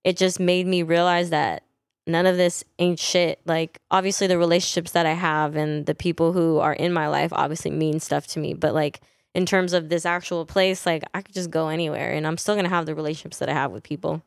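A young woman from Northern California chats on a podcast in a blunt, profane way, laughing easily. Her voice sits low for a woman, smooth and clear. The sound is dry and close, with no room around it. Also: steady tone, fairly quick, dry recording. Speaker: podcast guest. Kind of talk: casual podcast chat.

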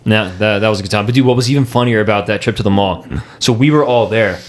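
A man's voice: fairly low pitch, crowd noise. A young man hosting a podcast, telling loose, rambling stories in casual chat with friends. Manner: rambling storyteller, quick and loose. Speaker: podcast host.

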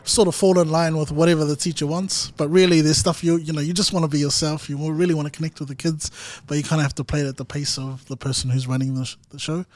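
A man hosting a podcast interview, who asks thoughtful questions in a measured way with frequent ums. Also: on the high side, level tone. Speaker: podcast host, student teacher. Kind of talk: casual interview.

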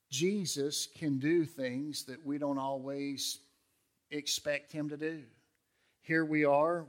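A man's voice: a little high, fairly bright tone. A male pastor preaching a sermon in a conversational way, acting out the quotes in character voices.

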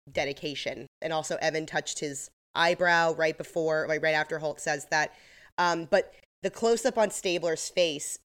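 Woman co-host, somewhat low pitch, loose filler-heavy recap chat. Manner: chatty, filler-heavy retelling with laughs. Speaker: podcast co-host.

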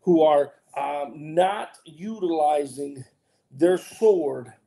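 A man's voice: fairly high pitch, lively intonation, slow, gravelly, warm tone. A man co-hosting a casual Bible talk show as pastor, talking earnestly with lots of restarts and preacherly emphasis. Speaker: pastor and co-host.

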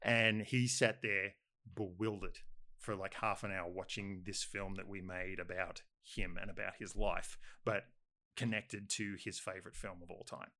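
A man's voice: deep voice, fairly even intonation, unhurried, pushed and bright, dry recording. A man with an Australian accent telling a long, rambling story, full of fillers. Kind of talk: casual chat anecdote.

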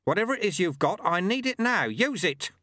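A man reading an audiobook, voicing a fierce bald old monk who grabs and shouts at his apprentice. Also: a little high, very animated, moderate pace, no room sound, clean studio sound, voice pushed up. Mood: urgent shouting. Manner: shouting, urgent, gruff.

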